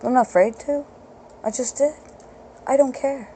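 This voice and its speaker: A woman's voice: high-pitched, moderate pace, dark tone, slight background noise, low-quality recording. A woman hosting her own podcast, ranting bluntly and profanely in an unscripted solo talk. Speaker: podcast host.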